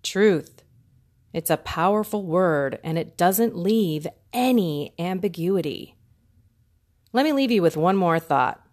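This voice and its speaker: A woman's voice: on the low side, animated, slow, darkish tone. Earnest woman sharing her faith story. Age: middle-aged. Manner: earnest and conversational, with frequent laughs and emphatic repetition. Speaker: podcast host. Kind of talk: personal faith testimony monologue.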